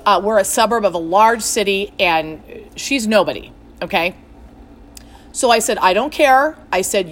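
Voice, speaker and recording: A middle-aged woman tells a story from her own business. Her voice sits at an ordinary pitch, and she acts out the quoted calls with lively shifts. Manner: animated, acts out quoted exchanges. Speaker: fitness studio franchise owner. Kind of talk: storytelling monologue.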